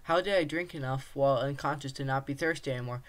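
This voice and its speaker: A man's voice: mid-range voice, fast talker, fairly bright tone, close to an everyday voice. A man voicing a bewildered, thirsty stranded man. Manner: confused, questioning.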